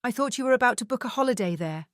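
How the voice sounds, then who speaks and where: A woman voicing a sharp, wry female private investigator. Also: a little high, expressive, no echo, clean studio sound, pitched above the performer's own voice, natural voice. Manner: wry, brisk.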